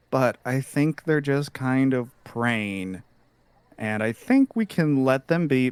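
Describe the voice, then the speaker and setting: A man at a tabletop game table, thinking out loud in rambling stretches. His mid-range voice sounds dry and close to the mic. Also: mid-range voice, clean tone, no echo. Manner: rambling, talking himself through ideas. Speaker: player.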